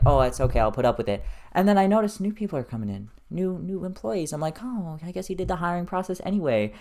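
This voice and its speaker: A young man rambling alone on his podcast, loose and profane with lots of filler words. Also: medium pitch. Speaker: podcast host. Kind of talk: casual solo rambling.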